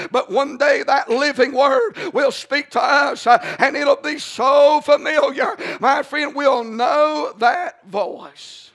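High-voiced preacher with a rhythmic sermon. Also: male voice, a bit bright. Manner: rhythmic, emphatic preaching with frequent "uh" and "amen".

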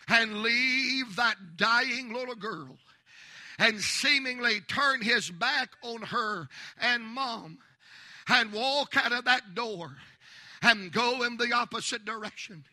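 A man preaching a sermon in a church, with impassioned climbs into shouts and folksy, humorous asides. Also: very high voice.

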